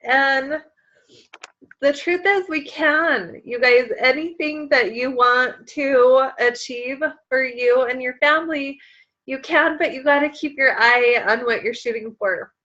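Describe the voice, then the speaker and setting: A woman's voice: sits high, measured pace, pushed and bright, muffled recording. A woman in her thirties leading a motivational team call, chatty and emotional, with lots of fillers. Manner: emotional, tearful at times, chatty with many fillers. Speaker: team leader on a sales call.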